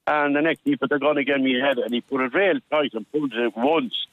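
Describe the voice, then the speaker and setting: A man's voice: medium pitch, steady tone, no echo. An older Irish man tells a long story down a phone line that sounds thin and tinny. He restarts his sentences often, and he slips into the voices of the people he quotes. The sound is dry and close. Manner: halting storyteller with many restarts, acting out dialogue. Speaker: caller. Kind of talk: telling a personal story on a radio phone-in.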